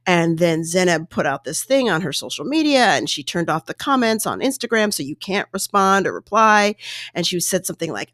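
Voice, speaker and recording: Animated woman retelling a story. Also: on the low side, moderate pace, no echo, studio quality. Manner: animated, exasperated retelling with quoted voices. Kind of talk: casual storytelling monologue.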